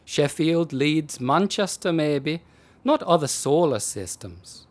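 A man reading aloud and voicing a weary, deadpan male policeman on the night desk in a storybook. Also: on the high side, slow, full character voice.

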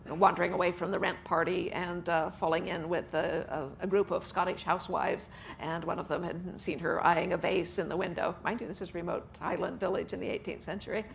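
A woman's voice: on the low side, vocal fry, a little hiss or hum. A woman author being interviewed on stage at a festival, talking chattily with frequent laughs and "uh" fillers. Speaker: author guest. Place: book festival event with audience.

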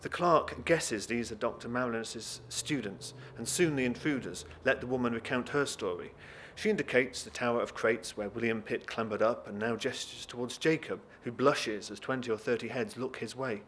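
A man's voice: medium pitch, moderate pace, hardly any pauses, a little hiss or hum. Man reading a novel aloud expressively. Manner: lively expressive reading, talks briefly to listeners. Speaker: reader.

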